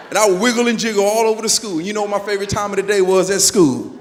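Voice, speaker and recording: A man giving an energetic motivational speech to teachers, telling stories and getting the audience to call back. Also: high-pitched, a little hiss or hum. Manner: energetic, storytelling, calls for audience response. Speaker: motivational speaker. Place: large auditorium. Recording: long hall reverb, PA system.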